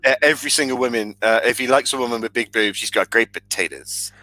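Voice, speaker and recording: A man co-hosting a casual comedy chat, cracking crude jokes and quick to laugh. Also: medium pitch, bright, forceful tone, no echo, poor audio. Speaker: co-host.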